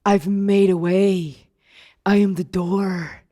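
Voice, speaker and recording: A woman voicing the risen Jesus as a gentle, calm man, speaking slowly and softly. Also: mid-range voice, pitched below the performer's own voice. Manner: slow, soft, solemn.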